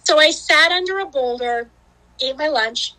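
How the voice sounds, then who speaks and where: A woman with a high, bright voice tells a long story as a podcast guest. She talks casually, with plenty of fillers and lively quotes of herself. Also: normal speed, rough recording. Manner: chatty, many fillers, acts out her own quotes.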